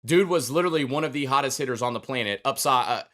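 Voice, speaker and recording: A man's voice: mid-range voice, quick pace, fairly bright tone. A man hosting a casual sports podcast, talking through his thoughts in a conversational way. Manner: conversational, thinking aloud with fillers. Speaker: podcast host.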